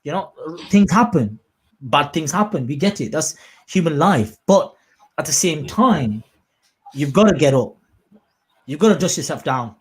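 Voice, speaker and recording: A man hosting a podcast in casual chat, animated and quick to act out quotes in a raised voice. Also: on the high side, slightly rough. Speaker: podcast host.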